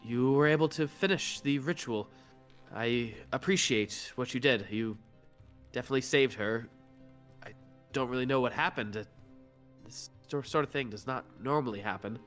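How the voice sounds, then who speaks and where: A man's voice: medium pitch, moderate pace, a bit bright, soft background music, close to an everyday voice. A man voicing an earnest female goblin drummer who pleads politely and urgently. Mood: grateful.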